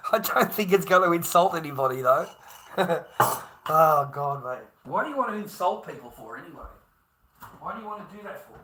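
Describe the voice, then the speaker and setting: A man's voice: fairly high pitch, bright, forceful tone. An Australian man hosting a livestream, rambling and chatting to viewers, swearing freely, laughing often and calling everyone mate. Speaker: livestream host. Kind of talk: rambling live-stream chat.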